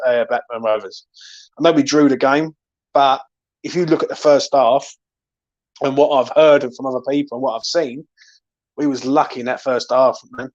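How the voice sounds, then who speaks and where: A man's voice: medium pitch, darkish tone, lo-fi sound. A man hosting a fan channel, ranting angrily about a football match and swearing often. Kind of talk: angry football fan reaction.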